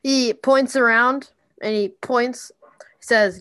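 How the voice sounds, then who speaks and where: A woman narrating a tabletop game as game master, in a casual, halting way with many fillers. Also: on the high side, steady tone, fairly bright tone, smooth, no room sound.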